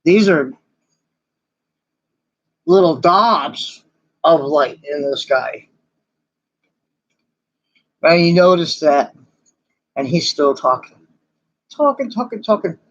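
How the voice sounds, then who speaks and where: A man's voice: a little high, drawn-out words, pauses often. A man narrating as game master in a casual, rambling way with many fillers. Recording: dull lo-fi recording.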